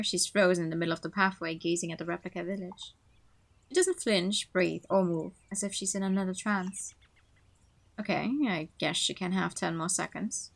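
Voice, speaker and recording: A woman streamer reading a visual novel aloud, with expressive narration and laughing asides. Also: fairly low pitch, creaky.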